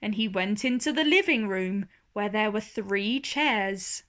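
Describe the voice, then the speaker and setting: A woman reading a children's storybook aloud in a slow, expressive manner. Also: medium pitch.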